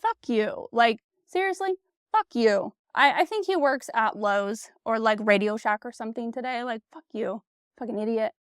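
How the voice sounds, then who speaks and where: A woman's voice: on the high side, moderate pace, smooth, no echo, studio quality. Blunt, candid woman on a podcast. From United States. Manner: candid and blunt, swears freely, frequent "like" and "you know". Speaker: podcast host. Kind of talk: casual solo podcast monologue.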